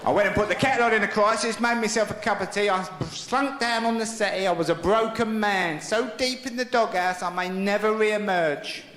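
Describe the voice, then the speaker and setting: A man's voice: high-pitched, a little fast, hardly any pauses, slight background noise. A middle-aged man doing stand-up, telling a story conversationally and acting out the other voices. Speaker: stand-up comedian. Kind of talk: stand-up routine. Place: large comedy venue. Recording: echoey live venue with loud crowd.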